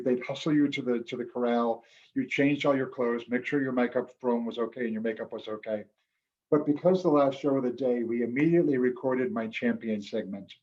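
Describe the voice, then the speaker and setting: A man's voice: mid-range voice, darkish tone, dull audio. A man telling a reflective, earnest story as a guest speaker on a video call, getting emotional at moments. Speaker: guest speaker, former quiz show champion. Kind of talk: storytelling talk at an online club meeting.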